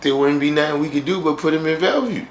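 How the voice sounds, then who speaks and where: A man's voice: on the high side, fast, roomy sound, a little hiss or hum, rough recording. A man hosting a live stream, chatting casually with viewers in a wry, joking way and often repeating himself.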